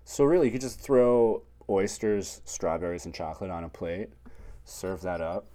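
A man co-hosting a comedy podcast, giving rambling deadpan advice in improvised chat. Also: sits low, normal speed.

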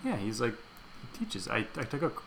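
A man's voice: mid-range voice, very animated, fast, creaky, over a noisy crowd. A man playing an eager, clumsy superhero older brother, rambling and hesitant with plenty of fillers in an improvised comedy audio play.

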